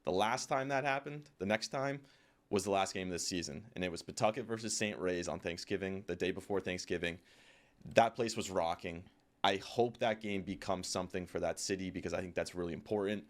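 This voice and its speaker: A man co-hosting a sports talk show in a relaxed, easygoing manner. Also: deep voice, fairly quick. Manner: relaxed, easygoing with filler words. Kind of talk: casual sports chat.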